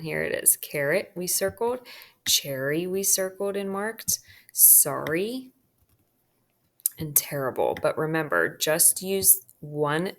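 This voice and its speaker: A woman with a low, gravelly voice takes students through a phonics worksheet. As she marks words she keeps checking in with "okay?"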